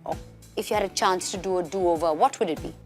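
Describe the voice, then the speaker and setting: A woman's voice: lowish voice, fast, a little mellow, soft background music. A woman hosting a celebrity talk show over a video call, upbeat and reading sponsor lines in between questions. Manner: upbeat, scripted sponsor reads.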